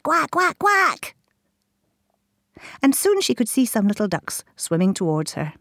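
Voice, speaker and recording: A woman reading a children's story aloud, animated and dropping into whispers at times. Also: low voice, no room sound, clean studio sound.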